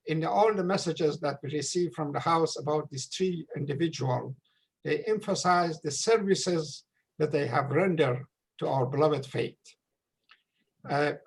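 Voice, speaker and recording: A man giving an earnest memorial talk over a video call, pausing often with drawn-out fillers. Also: fairly high pitch, gravelly, slightly rough, poor audio. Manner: hesitant, many drawn-out uh fillers. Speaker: memorial gathering speaker. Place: home room, virtual gathering. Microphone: video call microphone.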